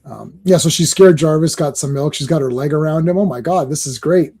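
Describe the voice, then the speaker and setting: A man's voice: on the high side, a little fast, warm tone, breathy edge. A man co-hosting a casual comic book talk show, joking and laughing often. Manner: laughs often, jokey, mimics characters. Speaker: podcast co-host.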